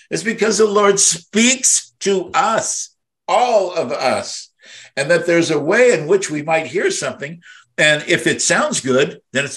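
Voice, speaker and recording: A man's voice: on the high side, big pitch swings, moderate pace, a bit bright. An older man hosting a devotional podcast, speaking with emotion in a rambling, heartfelt way that swells when moved. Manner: impassioned, rambling, voice swells with feeling. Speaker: podcast host and minister.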